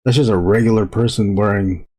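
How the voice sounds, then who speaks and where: A man chatting casually to viewers while drawing on a live stream, rambling with frequent halting restarts. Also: on the low side, steady tone, mellow.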